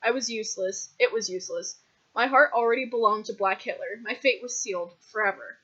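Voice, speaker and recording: A woman's voice: medium pitch, fairly quick, bright, forceful tone, slightly rough. A woman reading a comic fanfiction story aloud with mock-dramatic narration. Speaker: fanfiction reader. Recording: dull lo-fi recording.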